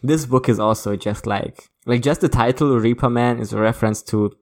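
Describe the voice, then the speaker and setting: A man's voice: medium pitch, normal speed, a little mellow. A man co-hosting a casual podcast chat, talking in loose, rambling sentences full of fillers and restarts. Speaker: podcast co-host.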